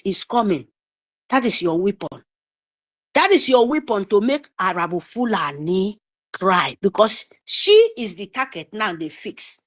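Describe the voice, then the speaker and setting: A woman giving an impassioned, repetitive speech to listeners on a group audio call. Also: mid-range voice. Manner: exhorting, repetitive, slow emphatic pleading. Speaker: guest speaker.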